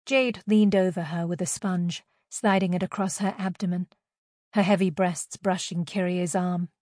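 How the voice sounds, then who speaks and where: A woman narrating a novel as an audiobook in a steady, even reading voice. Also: fairly low pitch, normal speed, no room sound, clean studio sound.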